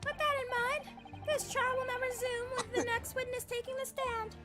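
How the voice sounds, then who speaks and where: A woman's voice: very high voice, steady tone, normal speed, music in the background, voice pushed up. A woman voicing a pompous male judge, making grand courtroom proclamations. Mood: grandiose.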